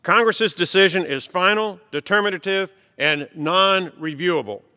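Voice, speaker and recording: A middle-aged congressman with a bright, smooth, fairly high voice delivers a formal prepared speech. He reads in a measured, emphatic way. His words ring out with the long reverb of a large legislative chamber.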